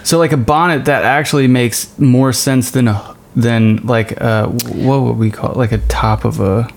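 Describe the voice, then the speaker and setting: A man's voice: mid-range voice, fairly even intonation, moderate pace, creaky. A man co-hosting a podcast, chatting casually and hesitantly with lots of fillers. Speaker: podcast co-host. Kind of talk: casual chat.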